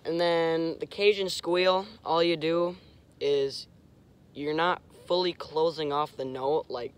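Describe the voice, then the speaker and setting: A young man casually explaining hunting call technique, halting and searching for words, with short clipped demonstration sounds. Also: on the high side, steady tone, clean tone. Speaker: host. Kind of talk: casual instructional talk.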